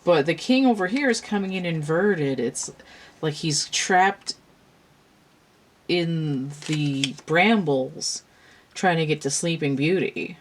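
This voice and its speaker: A woman's voice: deep voice, lively intonation, slow pace, a little hiss or hum. A woman giving a casual tarot reading in a rambling, slangy way, with a lot of "like" and free swearing. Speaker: tarot reader.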